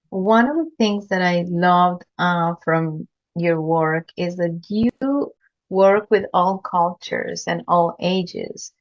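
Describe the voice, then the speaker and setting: A woman with a lowish, creaky voice hosts a podcast interview, heard through lo-fi sound. She makes formal introductions and is earnest and complimentary toward her guest.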